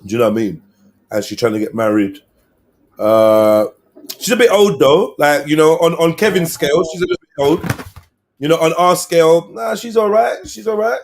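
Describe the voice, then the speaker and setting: A man, hosting a live stream and chatting casually with slang and shout-outs to viewers. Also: on the high side, normal speed, gravelly, a little hiss or hum. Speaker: livestream host.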